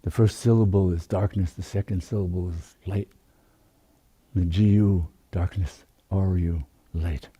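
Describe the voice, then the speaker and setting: Meditation teacher, male, low husky voice, very slow and gentle. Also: steady tone. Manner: soft, unhurried, drawn-out phrasing. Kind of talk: slow spiritual talk.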